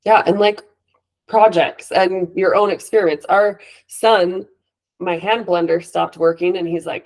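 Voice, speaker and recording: A woman co-hosting a podcast in casual chat, chatty and quick to laugh along. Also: lowish voice, fairly even intonation, darkish tone. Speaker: podcast co-host.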